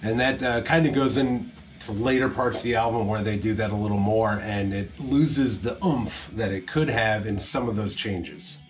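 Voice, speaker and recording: A man co-hosting a casual metal album review, talking in a relaxed, easygoing way. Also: lowish voice, normal speed.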